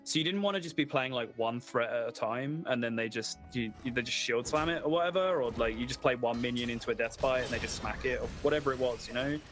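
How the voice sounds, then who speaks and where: An esports caster covers a live card game tournament, explaining plays analytically and at length with plenty of casual fillers. He speaks at medium pitch, fast and with few pauses, with faint music in the background.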